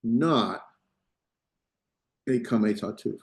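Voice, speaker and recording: Slow and creaky, the medium-pitched voice of a Biblical Hebrew teacher fills a reverberant space. He lectures in a rambling way, frequently restarting and checking on his students.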